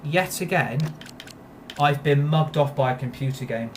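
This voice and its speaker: A man's voice: fairly high pitch, measured pace, a little hiss or hum. A man angrily ranting about a video game, repeating himself and swearing. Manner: furious, repetitive, swearing. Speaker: gaming YouTuber. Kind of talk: angry gameplay rant.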